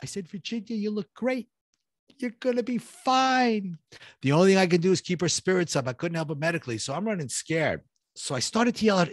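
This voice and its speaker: A man's voice: high-pitched, no room sound, clean studio sound. A middle-aged man tells a personal survival story, acting out what each person said and building suspense. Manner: vivid, reenacts dialogue, builds suspense. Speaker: guest telling his story.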